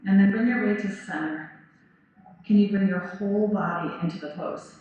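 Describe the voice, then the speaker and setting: A woman leading a yoga class, giving calm, encouraging cues and praise. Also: mid-range voice, moderate pace. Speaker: yoga teacher. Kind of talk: guided yoga class instruction. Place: yoga studio. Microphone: 360 camera in the room. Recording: roomy, slightly dull recording with faint music.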